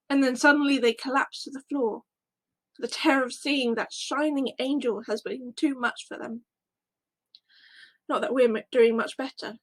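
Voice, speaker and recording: A woman narrating a Bible story in the first person, emotional, shifting between fear and breathless wonder. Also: sits high.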